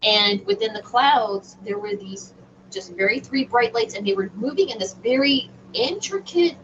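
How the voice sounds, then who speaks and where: A middle-aged woman, an interview guest telling a personal story in an animated, emphatic way with frequent restarts. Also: on the high side, normal speed. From Southern United States. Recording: distant, dull remote audio with faint noise.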